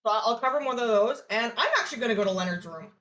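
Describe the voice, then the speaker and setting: A woman's voice: on the high side, lively intonation, very fast, a bit bright. A woman playing in a tabletop game, talking in a cheerful, playful way. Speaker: player. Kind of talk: tabletop role-play chat.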